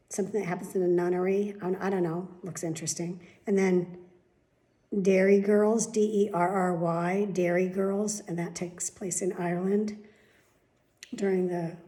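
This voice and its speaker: A middle-aged woman talks straight to her audience in a loose, rambling daily vlog, hopping from one thing to the next. Her voice is warm and mellow, sitting at an ordinary pitch for a woman. She is candid and chatty, with the occasional casual swear. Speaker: vlogger.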